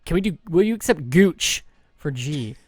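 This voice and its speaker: A man's voice: a little high, animated, moderate pace, breathy edge, no room sound, faint music behind. Hesitant man searching for words, dry close mic. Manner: hesitant, full of ums, joking and self-deprecating. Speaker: podcast co-host playing a word game. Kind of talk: casual podcast chat.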